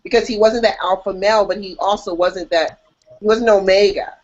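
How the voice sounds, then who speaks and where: Woman cohost gabbing on a podcast, lively jokey delivery, kinda dull lo-fi sound. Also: medium pitch, brisk. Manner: animated, jokey, acts out reactions. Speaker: podcast co-host. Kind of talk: casual chat. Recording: dull lo-fi audio.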